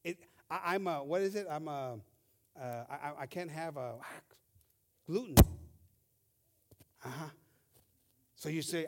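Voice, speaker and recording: A man preaching a bilingual sermon, reading scripture slowly and emphatically and rising with emphasis. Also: fairly high pitch. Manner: switches between English and Spanish, reads scripture slowly and emphatically.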